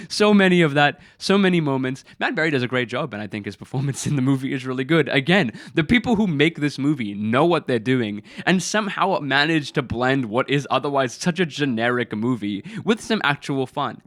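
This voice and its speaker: A man's voice: mid-range voice, expressive, a little fast, few pauses, fairly bright tone, no room sound, studio quality. Rambling man reviewing a film. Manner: rambling, incredulous, many "like" fillers. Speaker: film review video creator. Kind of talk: casual film commentary.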